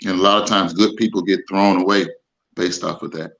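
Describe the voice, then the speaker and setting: A man's voice: sits low, fairly even intonation, fairly quick, vocal fry, a bit bright, muffled recording. Emphatic man, teasing. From Texas. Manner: emphatic, teasing, repeats himself. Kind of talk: casual group chat on a live stream.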